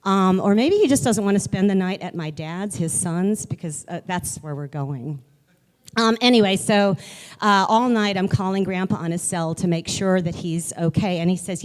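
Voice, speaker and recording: A woman telling a personal story in an animated, chatty way, with many fillers. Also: medium pitch, normal speed, long reverb tail.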